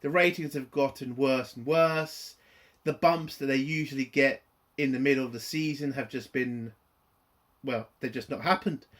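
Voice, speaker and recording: A man's voice: mid-range voice, steady tone, moderate pace, fairly bright tone. A man ranting in a profane, exasperated and rambling way while reviewing a TV episode.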